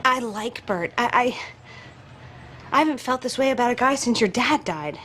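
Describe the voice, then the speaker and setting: An actress playing a gentle widowed mother who speaks softly and hesitantly. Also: on the high side, animated, normal speed, a little hiss or hum. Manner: hesitant, soft.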